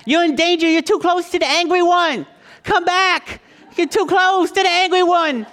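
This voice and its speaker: Man doing a bossy small boy, high and shrill, urgent and insistent, dead serious about his game. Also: steady tone, normal speed, fairly bright tone. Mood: urgent warning. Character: bossy little boy playing pretend, shouting warnings.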